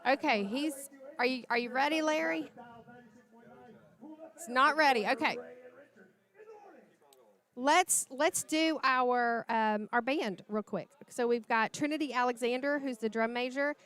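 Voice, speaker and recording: A woman's voice: high-pitched, a little slow, long pauses, a bit bright. A woman, announcing for a livestream sports broadcast and reading out lists of names in a chatty way.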